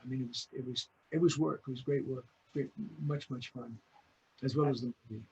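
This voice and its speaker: An older man, a voice actor being interviewed, telling lively stories and acting out voices as he recalls his work. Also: mid-range voice, fairly quick, highs cut off, slight background noise. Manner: lively storyteller, acts out voices. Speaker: guest voice actor.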